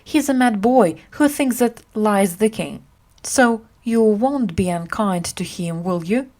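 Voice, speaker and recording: A woman's voice: medium pitch, animated, slow pace, darkish tone. A woman reading aloud and voicing a jolly, bold knight in a storybook. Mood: hearty.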